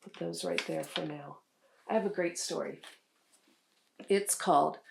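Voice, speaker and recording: A woman museum educator reading a children's storybook aloud in an animated, teacherly way. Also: lowish voice, measured pace, gravelly, pauses often, husky.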